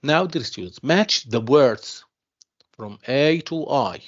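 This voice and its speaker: A man teaching an English pronunciation class online, speaking slowly and repeating himself, mixing in explanations. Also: medium pitch, lively intonation. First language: Arabic. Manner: slow, repeats himself, calls students "dear students", mixes in Arabic explanations. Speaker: university English tutor. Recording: dull lo-fi online class audio.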